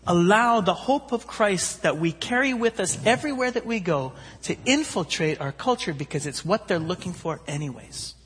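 A man preaching, telling a story with animated voices for its characters. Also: sits high, moderate pace, few pauses, slightly rough. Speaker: pastor. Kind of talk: sermon storytelling. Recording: long hall reverb.

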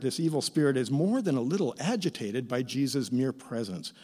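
A middle-aged man preaching a sermon as pastor, with expressive, theatrical emphasis. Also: medium pitch, fairly quick, hardly any pauses. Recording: reverberant church hall.

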